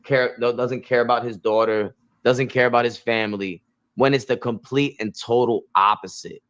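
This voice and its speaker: A man's voice: medium pitch, steady tone, normal speed, fairly bright tone. A young man hosting commentary, reacting to interview clips in a blunt, emphatic way and repeating his points. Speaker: commentary host.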